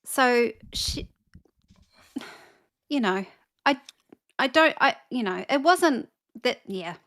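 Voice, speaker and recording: Higher-voiced woman on a stream, stops and restarts a lot, casual chat. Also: expressive, slow pace, fairly bright tone. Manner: hesitant, many fillers and restarts. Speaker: co-host.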